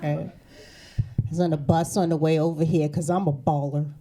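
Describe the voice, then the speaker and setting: A woman's voice: sits low, fairly even intonation, fairly quick, background noise. A woman comedian doing a brash, profane stand-up set from the East Coast. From New England. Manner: brash, profane, sarcastic punchlines. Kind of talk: stand-up set before a live audience. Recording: stage mic with audience laughter.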